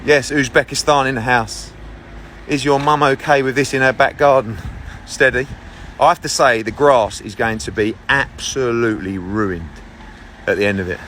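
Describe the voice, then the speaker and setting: A middle-aged sports promoter talks to his live-stream audience in a bright, punchy voice, brash and upbeat with casual swearing. He is a little winded, speaking into a phone he carries, with a faint hum of surroundings underneath. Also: mid-range voice, steady tone, moderate pace, low-quality recording. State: a bit out of breath. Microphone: phone held while walking.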